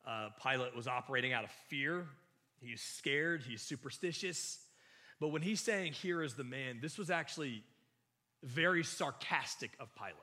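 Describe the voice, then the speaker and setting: A male preacher delivers a sermon in a bright, forward voice. He is earnest and emphatic, and he often restarts his phrases mid-thought. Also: medium pitch, expressive, moderate pace.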